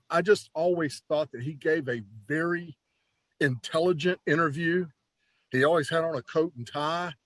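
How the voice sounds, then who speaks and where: A man who is a former pro wrestler, telling stories in a casual, animated interview with lots of "you know" and restarts. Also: on the high side, dry recording.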